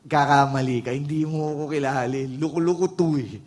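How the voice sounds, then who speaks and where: A man's voice: on the high side, brisk, darkish tone, close to an everyday voice. A man voicing a sheepish, self-mocking churchgoer who pleads that he is unworthy. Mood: pleading.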